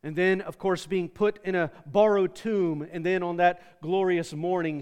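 A man in his forties with a notably high voice delivers a sermon in a church sanctuary. He preaches in an earnest, conversational manner and often doubles back on his words. His voice rings out with a long hall reverb. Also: fairly even intonation, normal speed, hardly any pauses, darkish tone, smooth. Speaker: pastor.

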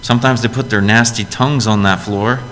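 A man's voice: fairly low pitch, fairly even intonation, brisk, fairly bright tone, slight background noise. Earnest male pastor preaching in a reverberant church. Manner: earnest, direct, asks the room questions. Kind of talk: sermon.

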